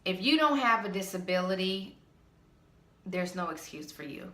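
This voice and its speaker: Sassy, bright-voiced woman vlogger. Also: fairly low pitch, animated, normal speed, reverberant. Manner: blunt, sassy, exasperated. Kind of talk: casual ranting monologue.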